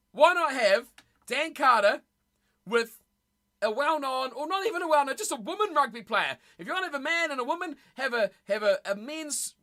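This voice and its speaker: A woman's voice: fairly high pitch, sharp tone. A woman streamer chatting casually with her live chat, blunt and opinionated, often losing her train of thought.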